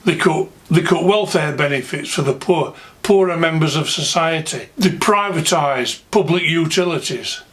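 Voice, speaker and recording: A man's voice: on the high side, normal speed, few pauses, a bit bright. A man with a Yorkshire accent ranting to camera, angry, indignant and scornful. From England. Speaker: vlogger. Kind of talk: political rant to camera.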